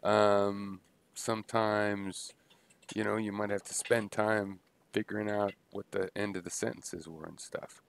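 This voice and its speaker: A man thinking aloud in a halting, unscripted philosophical monologue, full of pauses and restarts. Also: fairly low pitch, flat delivery, creaky, a little hiss or hum. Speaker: video blogger musing on philosophy.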